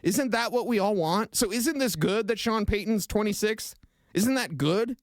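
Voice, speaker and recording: A high-pitched man on a sports talk radio show, talking fast and getting emotional and opinionated as he trades takes with his co-host. His voice is close and dry on a studio mic, with no room sound around it. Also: animated, dry recording. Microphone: studio microphone.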